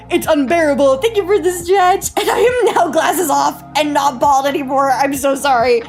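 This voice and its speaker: Giggly high-voiced woman streamer. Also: animated, moderate pace, faint music behind. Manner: giggly, playful, exclaiming. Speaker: live streamer. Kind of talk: casual live-stream chat.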